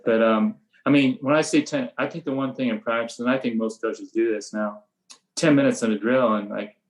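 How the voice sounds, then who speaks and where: Heard on a low-quality recording, an older man from the USA who coaches high school baseball describes how he runs practice, speaking a little fast at medium pitch. His relaxed, flat storytelling is punctuated by reenactments of his blunt coaching lines.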